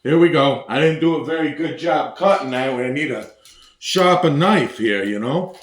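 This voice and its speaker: A man with a fairly high voice hosts a casual cooking video. He jokes loosely, talks with his mouth full and hypes his viewers. The sound carries the echo of a hard-walled home kitchen. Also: normal speed.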